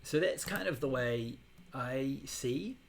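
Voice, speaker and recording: A man teaching a Buddhist meditation class, explaining in a relaxed way with many fillers. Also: medium pitch, takes it slowly, creaky, slight background noise.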